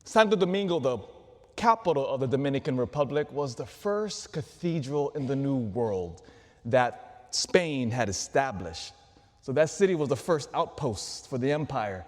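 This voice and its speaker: Lively priest preaching in a reverberant church. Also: male voice, medium pitch, normal speed. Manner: animated preaching with rhetorical questions and laughs. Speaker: Catholic priest. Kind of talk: sermon. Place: large church.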